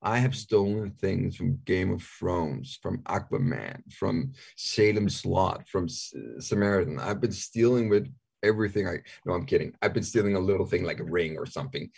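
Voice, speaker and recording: A Danish-accented man in his forties talks in a low, gravelly voice with a husky edge. He chats casually and candidly in an interview, joking and stumbling over repeated words. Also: moderate pace, darkish tone. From Denmark. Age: 40s. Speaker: actor, interview guest.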